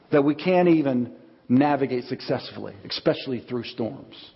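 Animated preacher in a reverberant hall. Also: male voice, medium pitch, moderate pace, slightly rough. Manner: animated storytelling, acts out quotes. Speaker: pastor. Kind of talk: sermon. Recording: dull audio with long hall reverb.

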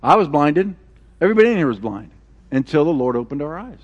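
Animated high-voiced male preacher. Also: fast talker, lo-fi sound. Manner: animated storytelling, acting out quoted voices. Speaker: pastor. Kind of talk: sermon.

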